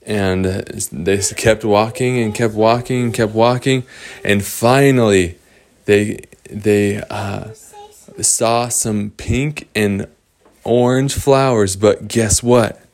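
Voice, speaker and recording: A man improvising a bedtime story for a child, talking slowly with restarts and repeated words. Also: lowish voice, fairly even intonation, darkish tone. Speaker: parent telling a bedtime story.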